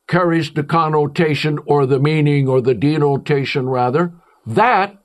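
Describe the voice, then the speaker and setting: A male preacher delivering an emphatic sermon, declaiming with strong swings in pitch and pace. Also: moderate pace.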